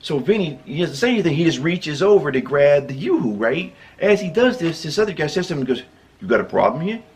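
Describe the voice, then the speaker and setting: A man's voice: fairly high pitch, lively intonation, fast talker, a little mellow. A man from the American Midwest hosting his own channel, telling a casual storytime tale in a rambling, self-interrupting way that keeps breaking into laughter. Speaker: YouTube storyteller.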